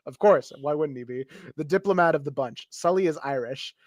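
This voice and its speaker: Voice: mid-range voice, brisk, a little mellow, no echo. A host reading a script aloud with commentary, laughing often and stumbling over words. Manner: giggly, with frequent laughs and stumbles.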